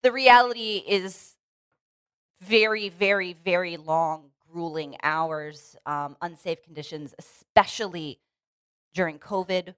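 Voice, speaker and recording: Earnest low-voiced woman co-host. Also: slow, a bit bright, clean tone, no room sound. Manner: earnest and opinionated, with frequent restarts. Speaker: podcast co-host. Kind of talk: casual chat. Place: Los Angeles.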